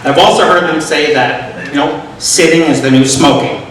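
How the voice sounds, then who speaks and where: Man, middle-aged, stand-up comic, deadpan delivery, slightly high voice, heavy room echo, distant mic. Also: moderate pace, a little hiss or hum. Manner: deadpan, self-deprecating punchlines. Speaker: stand-up comedian. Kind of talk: stand-up comedy set. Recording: echoey room, mic from far off.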